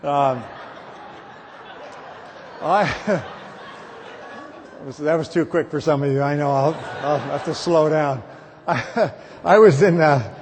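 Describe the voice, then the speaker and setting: A man's voice: a little high, slow, pauses often, some chatter behind, slight background noise. A middle-aged man giving a motivational conference speech, emphatic and repetitive, with joking stories. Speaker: motivational speaker. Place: large conference hall. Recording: reverberant hall, from far off.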